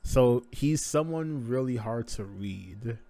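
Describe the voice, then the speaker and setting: A man hosting a live manga reaction, reading the chapter aloud with excitable commentary and frequent swearing. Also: medium pitch, slow pace, no room sound. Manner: excitable, swears freely, laughs at himself.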